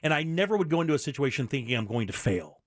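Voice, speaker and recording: A middle-aged man on the radio talks very fast in a medium-pitched voice with big pitch swings. His talk-radio monologue is candid, earnest and blunt, with many restarts, and the studio sound is clean with no room noise.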